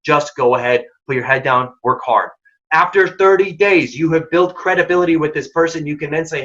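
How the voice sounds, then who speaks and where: A man's voice: on the high side, brisk, fairly bright tone. A man presenting a career workshop with direct, punchy advice and casual slang. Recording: dull lo-fi audio.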